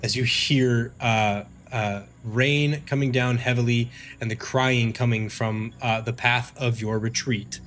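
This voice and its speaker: A man's voice: mid-range voice, fairly even intonation, a little slow, few pauses, fairly bright tone. A man narrating as game master of a tabletop game stream, casual and rambling with fillers and restarts.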